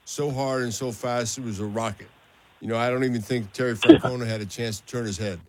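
A man co-hosting a radio talk show, asking a guest questions in a relaxed, conversational way. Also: mid-range voice, fairly quick. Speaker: radio co-host. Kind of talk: casual radio interview.

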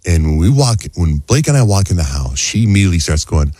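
Man, middle-aged, radio host, low husky voice, lively storytelling, dry sound. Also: fast talker, no room sound. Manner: animated storyteller, acts out quotes in high voices. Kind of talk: casual storytelling on morning radio.

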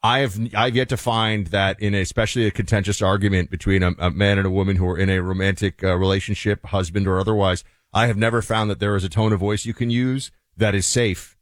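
A man's voice: lowish voice, steady tone, fast talker, few pauses, dry recording. A man co-hosting a talk radio show with wry, dry humor. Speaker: radio co-host. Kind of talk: casual talk radio banter.

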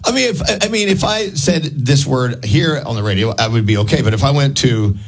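American radio host dude, kinda husky, telling travel stories. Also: male voice, medium pitch, expressive, brisk. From United States. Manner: storytelling, joking. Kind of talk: casual radio chat.

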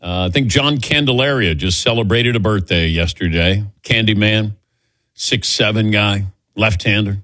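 A man's voice: fairly low pitch, normal speed, fairly bright tone, no echo, clean studio sound. A man in his sixties hosting a radio sports call-in show, chatty and self-deprecating, laughing often. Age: 60s. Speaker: radio sports talk host. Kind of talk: casual call-in chat.

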